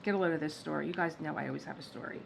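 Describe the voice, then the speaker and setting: A woman's voice: deep voice, very fast, vocal fry, slight background noise, low-quality recording. Chatty woman telling stories at home. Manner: chatty, animated retelling, laughs at own stories. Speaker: diamond painting vlogger. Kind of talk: casual storytelling chat. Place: home workspace.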